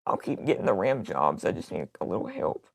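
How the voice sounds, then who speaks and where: Heavily acting, a woman uses an extremely low, husky, sing-song voice with vocal fry, speaking fairly quickly on a dry recording. On a prank phone call she plays a worn-out, crass, blunt older Southern woman, rambling through crude complaints in a flat, pleading mood.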